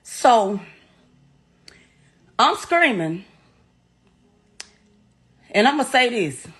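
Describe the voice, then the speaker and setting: A middle-aged woman telling a painful story as a mother, in a blunt, halting way full of profanity. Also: on the high side, big pitch swings, fairly bright tone. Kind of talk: emotional first-person account.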